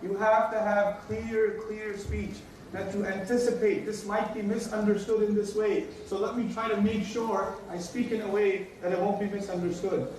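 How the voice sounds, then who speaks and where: Male religious teacher, high-pitched and emphatic, repeats key lines; distant mic, heavy room echo. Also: level tone, moderate pace, hardly any pauses, a little mellow. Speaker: Islamic teacher. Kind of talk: religious lecture. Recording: echoey room, distant mic, faint noise.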